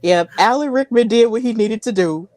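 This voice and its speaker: A woman's voice: on the high side, normal speed, a little mellow. A woman hosting a wrestling podcast, chatty and giggly, often repeating herself. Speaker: podcast host. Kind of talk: casual podcast interview.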